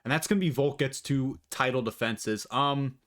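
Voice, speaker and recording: A man's voice: mid-range voice, normal speed, fairly bright tone. A man talking casually and profanely through his predictions, rambling and opinionated, on a desk mic. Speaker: MMA commentator vlogger.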